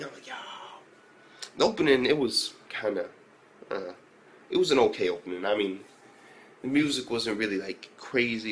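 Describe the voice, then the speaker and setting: A man giving a casual anime episode review, swearing constantly and rambling through fillers, sometimes jumping into excited reactions. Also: slight background noise. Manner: profane, loose storytelling full of fillers; jumps to excited high-pitched reactions.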